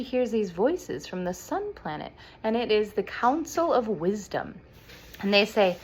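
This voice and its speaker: A woman explaining an opera plot to children as an expressive storyteller. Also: medium pitch, a little slow, slight background noise. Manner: animated, expressive.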